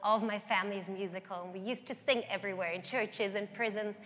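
A woman's voice: medium pitch, fairly even intonation, fast talker, fairly bright tone. A young woman, a guest singer, telling her life story earnestly in an interview. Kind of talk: interview testimony. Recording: long hall reverb.

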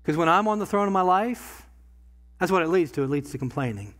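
Animated man preaching a sermon. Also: fairly high pitch, brisk. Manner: conversational preaching, swings from quiet to loud bursts. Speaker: pastor. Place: church sanctuary.

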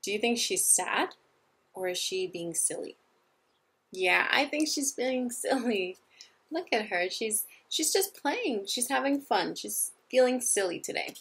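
Gentle, breathy woman teaching young children. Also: fairly high pitch, expressive, measured pace. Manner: gentle, patient, asks children questions. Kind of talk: children's lesson.

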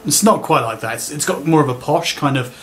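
A man's voice: fairly high pitch, lively intonation, fairly quick, a bit bright, a little hiss or hum. A man giving sarcastic, dismissive commentary. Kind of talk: critical commentary.

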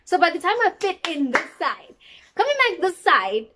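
A woman's voice: extremely high pitch, sing-song, moderate pace, noisy background. A young woman from South Africa with an accent mixing South African and American, chatting casually and rambling to her camera. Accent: mixed South African and American. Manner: rambling, chatty, self-deprecating. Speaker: vlogger.

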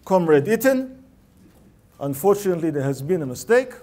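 A man's voice: on the high side, sing-song, normal speed, dark tone. A man voicing a stern male Soviet military commander, speaking formally in a put-on Russian accent.

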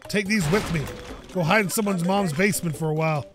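High-pitched excitable man narrating a game. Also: fast talker, over music. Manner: excitable and jokey, yelps and rambles. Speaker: gaming YouTuber. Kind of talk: let's play commentary.

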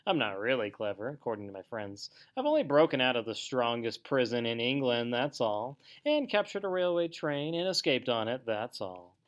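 A man's voice: medium pitch, very animated, moderate pace, hardly any pauses, close to an everyday voice. A man voicing a boastful, conceited male toad in a storybook read-aloud, speaking in a bragging, puffed-up way.

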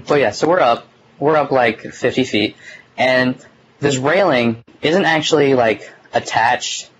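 A young man of middling pitch tells a story in a loose, rambling way, filling his sentences with "like" and the odd curse. It sounds like a relaxed chat recorded on a phone, with a faint hiss underneath. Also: a little slow, poor audio. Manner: rambling, full of "like" and mild swearing. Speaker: podcast host.

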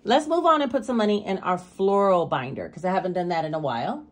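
A woman's voice: on the low side, animated, fast. Chatty woman counting cash aloud. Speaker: budgeting vlogger. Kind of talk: casual cash-stuffing vlog.

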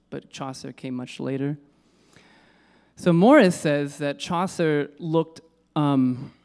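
A man's voice: fairly high pitch, a little mellow, clean tone. A man giving an informal lecture on poetry. He hesitates, corrects himself and uses many fillers.

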